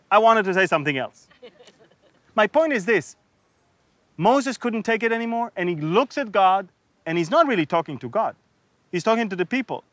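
This man's voice sits high and sounds expressive and slightly bright as he teaches an unhurried, funny Bible sermon with frequent pauses. He acts out the story's figures with sarcasm and laughter, recorded dry.

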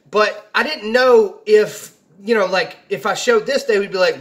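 A man's voice: high-pitched, moderate pace, fairly bright tone. A young man casually telling a personal story, rambling and quoting people as he goes. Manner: rambling, restarts, quotes people in his own voice.

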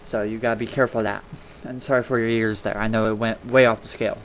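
A man's voice: lowish voice, little pitch movement, quick pace, a crowd in the background. A man hosting a casual screen-recording tutorial, chatty and rambling, repeating words for emphasis, talking into a desktop mic at his home computer. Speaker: video tutorial host.

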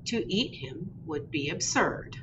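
A woman who is a children's librarian, reading a picture book aloud in an animated, sing-song way for a virtual storytime. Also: medium pitch, slow. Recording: distant, dull recording with loud background hiss.

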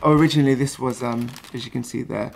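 A man's voice: mid-range voice, fairly even intonation, fast talker, creaky. A young man from England, chatting casually and rambling in a travel vlog. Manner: chatty, rambling, lots of fillers. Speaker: vlogger.

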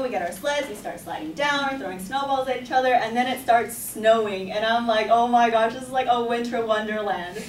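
A woman's voice: on the high side, slight background noise. Chatty young woman telling a story. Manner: chatty, animated, full of "like" and laughs. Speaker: student storyteller. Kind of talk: personal story told to a class. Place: classroom. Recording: echoey room, voice from a distance.

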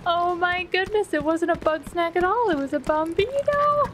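A woman commenting on her gameplay, gasping often and repeating excited exclamations. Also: very high-pitched, measured pace, a little hiss or hum. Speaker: let's play gamer. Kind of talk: let's play commentary. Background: game music.

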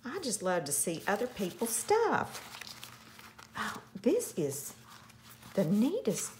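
A woman's voice: mid-range voice, big pitch swings, slow pace. A woman hosting a craft channel, gushing over a parcel in a casual unboxing chat with frequent gasps.

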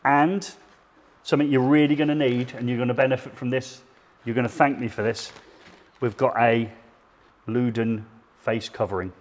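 A middle-aged man hosting a live stream, chatting and joking in a relaxed banter with his co-host. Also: mid-range voice, moderate pace, pauses often. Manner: jokey, chatty presenter banter.

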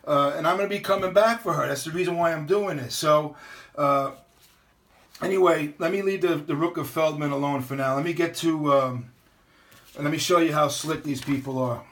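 A man's voice: on the high side, fairly bright tone. A middle-aged man, talking in a casual, ranting monologue. He is blunt and profane and keeps restarting his sentences. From New York. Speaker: vlogger.

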